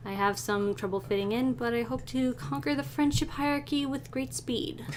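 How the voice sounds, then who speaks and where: A woman's voice: sits high, little pitch movement, normal speed, a little hiss or hum, lightly acted. A woman voicing a shy, kind new girl student in a dating sim, speaking formally and politely.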